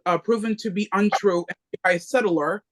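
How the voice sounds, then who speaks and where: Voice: medium pitch, normal speed, a bit bright. A reading group member talking passionately, repeating phrases for emphasis. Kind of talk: impassioned casual discussion.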